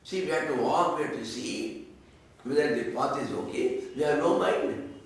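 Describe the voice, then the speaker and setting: A man's voice: on the high side, normal speed. A man with an Indian English accent, a swami giving a scripture discourse, who chants Sanskrit verses and then explains them in conversational, teasing English. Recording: echoey hall audio from far off, faint noise.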